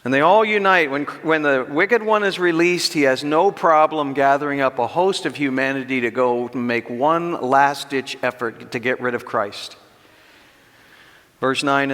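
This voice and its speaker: A middle-aged man teaching a Bible class as a pastor, emphatic, posing rhetorical questions and slowing down to stress key points. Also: mid-range voice, a bit bright. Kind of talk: expository sermon teaching. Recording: long reverb of a church hall.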